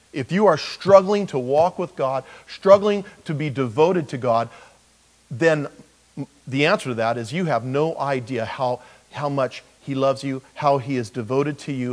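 A man's voice: medium pitch, unhurried, poor audio. A middle-aged male pastor preaching a conversational sermon, full of rhetorical questions and humor.

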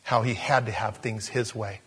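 A man preaching a sermon in an animated storytelling style, acting out the scenes he tells. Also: lowish voice, moderate pace, breathy edge, big-room sound.

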